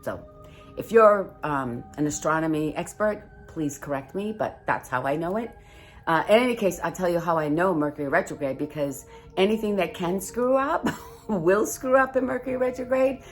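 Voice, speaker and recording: A woman's voice: lowish voice, animated, moderate pace, faint music behind. A woman hosting a casual spiritual video from home by the fire, chatting in a rambling way with fillers and giving encouraging advice. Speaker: host reading oracle cards. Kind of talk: casual spiritual vlog chat.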